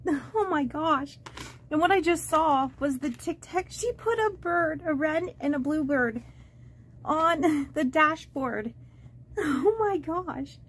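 Woman budgeting vlogger, high and unhurried, rambling with lots of ums, gushing unboxing chat. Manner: halting and rambling, with many fillers and restarts; gushing and easily moved. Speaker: budgeting vlogger opening fan mail. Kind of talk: casual unboxing chat to camera.

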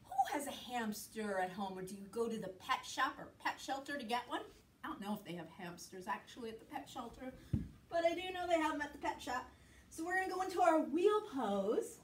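A woman's voice: high voice, very animated, a little fast, reverberant, far from the mic, a little hiss or hum. A woman leading a children's yoga class in a playful, sing-song way, making animal sounds as she goes. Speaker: kids' yoga teacher.

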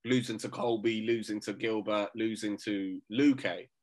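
A man's voice: lowish voice, steady tone, moderate pace, darkish tone. A man co-hosting a casual sports podcast, brash and joking, swearing freely and laughing often. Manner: brash, swearing, laughing, says "bruv" a lot. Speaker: podcast co-host.

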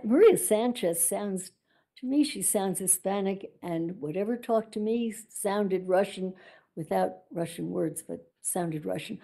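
Gravelly, mellow-voiced woman testifying in court. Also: medium pitch, lively intonation. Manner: measured and defensive under questioning. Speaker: expert witness.

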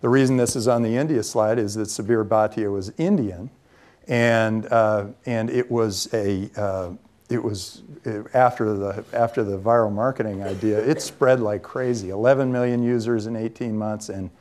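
A man who is a venture capitalist, telling lively anecdotes in a talk to students, with frequent ums and restarts. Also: fairly low pitch, moderate pace. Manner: lively storyteller who acts out quoted dialogue.

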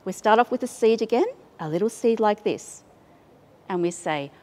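A woman with an Australian accent hosting a library storytime, reading to young children in a playful, drawn-out way. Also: medium pitch, animated, a little mellow, in a large hall.

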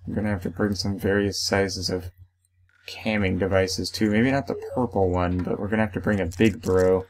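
A man's voice: deep voice, fairly even intonation, moderate pace, a little hiss or hum. A young man hosting a let's play, chatting casually as he plays and reading the game's text aloud with playful outbursts. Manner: reads game text aloud, playful exclamations. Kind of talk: casual gameplay commentary.

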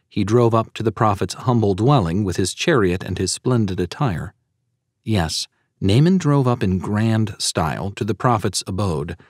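Low-voiced male audiobook narrator. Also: no room sound, studio quality. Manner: earnest, preaching tone that cites scripture verses. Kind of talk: scripted audiobook narration of a sermon.

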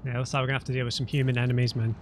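A man's voice: medium pitch, flat delivery, very fast, noisy background. A man hosting a let's play, chatting casually and poking fun at himself while he plays. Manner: self-deprecating, chatty. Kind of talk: casual gameplay commentary.

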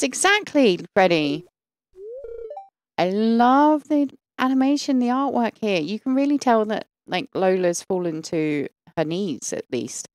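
A woman hosting a gaming channel, giving excitable let's-play commentary with gasps and gushing. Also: fairly high pitch, slow, slight background noise.

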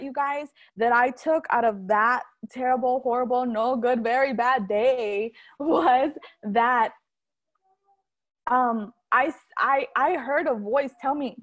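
A woman giving a candid, animated testimony in a sermon, earnest and addressing the congregation directly. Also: a little high. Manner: candid, animated storytelling with rising exclamations. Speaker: church speaker.

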